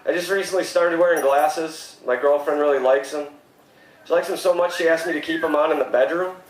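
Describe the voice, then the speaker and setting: A man in his thirties doing a stand-up comedy set, with deadpan one-liners and sudden mock-shocked outbursts. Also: on the high side, fairly quick, echoey room, a little hiss or hum, poor audio. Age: 30s. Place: comedy club stage.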